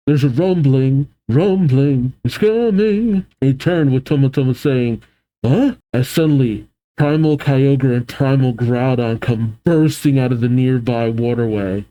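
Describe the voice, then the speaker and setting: A man reading a comic aloud and reacting to it, animated, laughing often and voicing the characters. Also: medium pitch.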